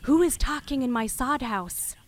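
A woman voicing a strong adult male hunter, calling out in alarm into the dark of his home, in a spoken folktale. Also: sits high, animated, normal speed.

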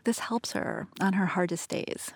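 A woman reporter reading a calm, measured scripted narration. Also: mid-range voice, very noisy.

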